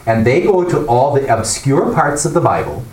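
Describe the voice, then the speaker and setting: A man teaching a Bible class, explaining and asking the class questions in an animated way. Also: mid-range voice, moderate pace. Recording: echoey room, mic far off, faint noise.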